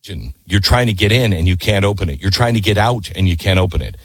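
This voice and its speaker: Man, middle-aged, radio talk host, animated storyteller, breathy voice, low pitch. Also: fast, no room sound. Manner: animated storytelling, sudden high exclaims. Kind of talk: radio talk monologue and read ads.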